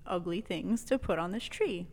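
Animated woman telling a story, reverberant. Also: lowish voice, moderate pace. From New Mexico. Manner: animated, swears freely, laughs often. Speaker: podcast guest telling a story. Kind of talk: casual storytelling.

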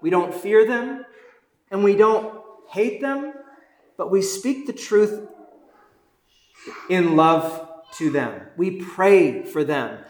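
A man with a stutter preaches in a church, earnest and slow, often circling back and repeating words before he lands a phrase. His voice sits a little high and rings through an echoey sanctuary. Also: lively intonation. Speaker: pastor. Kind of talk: sermon.

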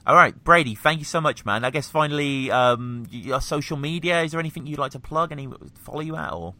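Bright, dry British podcast host. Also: male voice, fairly high pitch, animated, quick pace, no room sound. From Britain. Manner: friendly, hedging with fillers. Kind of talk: casual podcast interview.

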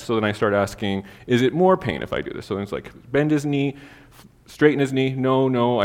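A man preaching a sermon, telling a casual personal story full of fillers before turning to scripture. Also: fairly low pitch. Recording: long hall reverb.

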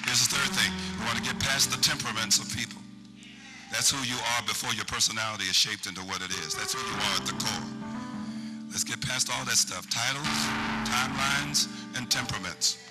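A man's voice: medium pitch, a little fast, poor audio. A man preaching a sermon and praying prophetic declarations over people, speaking in tongues at times. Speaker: pastor. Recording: church service with loud music behind. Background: loud organ or keyboard music.

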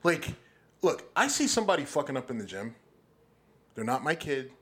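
A man's voice: medium pitch, sing-song, normal speed, fairly bright tone. A man co-hosting a podcast in a studio, talking bluntly and with plenty of swearing as he gets heated. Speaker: podcast co-host. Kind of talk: casual chat.

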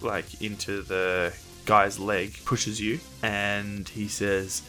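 Man, game master, low voice, vivid narration, some fillers. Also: flat delivery, takes it slowly, bright, forceful tone, faint music behind.

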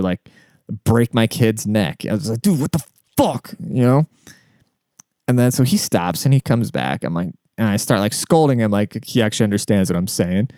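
Male podcast host, loose profane storytelling, smooth clear tone, close and dry. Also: lowish voice, a little mellow, no echo. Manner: rambling, profane, with frequent fillers and asides. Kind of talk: casual monologue. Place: outdoors.

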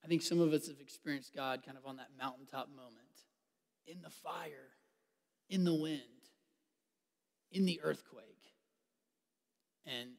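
A man delivers a sermon in a lively, fairly high voice. He acts out the scripture with humor and laughter, then drops to a near-whisper for the quiet moments. His voice rings out with a long reverb, as in a large hall. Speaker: pastor.

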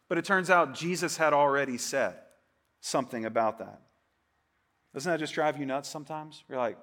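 A middle-aged man preaches in a conversational sermon, his voice sitting a little high. He keeps checking in with the congregation with "right?" and gets higher and louder when he acts out someone's protest. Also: normal speed. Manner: acts out quoted voices with a rising, louder pitch. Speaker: pastor. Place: church service with congregation.

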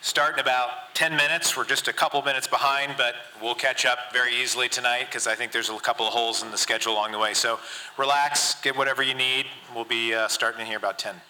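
A man emceeing a live show, thanking the audience and announcing a break in a relaxed, casual way. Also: mid-range voice, fast, low-quality recording. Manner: relaxed, with fillers. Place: theater.

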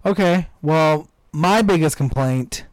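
Smooth, blunt young man ranting on a podcast. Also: on the high side, slow, no echo. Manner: blunt, profane, exasperated ranting. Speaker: podcast co-host. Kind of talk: casual chat.

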